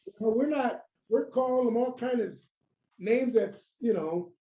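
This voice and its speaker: A man with a high voice rambles through old wrestling stories, breaking off and restarting as he acts out conversations. The sound is roomy and dull, like a lo-fi recording. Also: measured pace. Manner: rambling, full of restarts and acted-out quotes. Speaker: former pro wrestler, interview guest. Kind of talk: casual storytelling interview.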